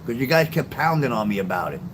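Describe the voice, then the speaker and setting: A man's voice: medium pitch, very animated, fast talker, fairly bright tone, slight background noise, rough recording. An older man telling stories and chatting casually with viewers on a livestream, blunt and profane. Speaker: livestream host.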